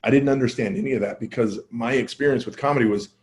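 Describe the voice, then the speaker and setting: This podcast guest, a male comedian and a fast talker, tells a casual story full of self-deprecation. He animatedly acts out the dialogue he quotes, his voice bouncing up and down.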